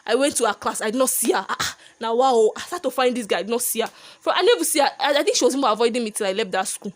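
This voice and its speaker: A young woman telling a personal story in a lively, animated vlog monologue. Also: fairly high pitch, very fast. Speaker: vlogger.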